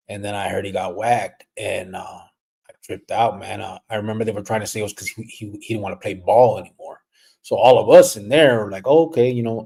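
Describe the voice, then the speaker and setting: A middle-aged man hosting a casual livestream, rambling and relaxed, dropping Spanish slang as he reads comments. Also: on the low side, gravelly, breathy edge. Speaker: livestream host.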